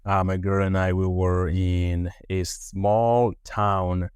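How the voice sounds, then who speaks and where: A man's voice: deep voice, flat delivery, a little mellow, clear, resonant tone, no room sound. A man hosting a podcast interview, repeating words as he frames his questions. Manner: halting, repeats words while framing questions. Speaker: podcast host. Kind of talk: conversational interview.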